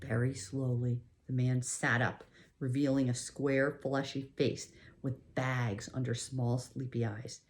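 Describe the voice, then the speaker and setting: A woman narrating a novel in the first person at a measured, steady pace. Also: very deep voice. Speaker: audiobook narrator.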